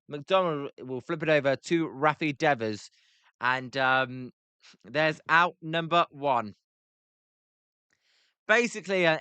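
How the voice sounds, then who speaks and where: A young British man with a British accent calling a baseball game on a livestream, reading chat aloud between pitches with lots of filler words. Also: bright, forceful tone, clean tone, no echo. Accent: British English. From Britain. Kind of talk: casual play-by-play livestream commentary.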